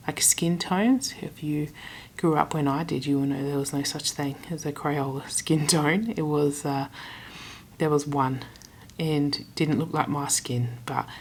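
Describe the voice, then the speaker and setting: Chatty low-voiced Australian woman vlogging. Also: a little mellow, a little hiss or hum. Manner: chatty, retells conversations with quick asides. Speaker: travel vlogger. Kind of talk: casual vlog storytelling.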